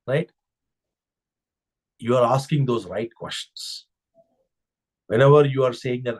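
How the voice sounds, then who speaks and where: A man's voice: mid-range voice, moderate pace, long pauses, darkish tone, breathy edge. Male spiritual teacher, mid-range voice, reflective discourse style, leans on rhetorical questions.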